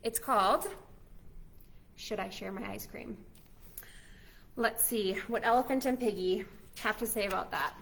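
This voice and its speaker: Woman, children's librarian, slow and patient, encouraging, storytime. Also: mid-range voice, vocal fry, a bit bright. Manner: cheerful, encouraging, talks straight to kids. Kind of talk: children's storytime and cooking demo.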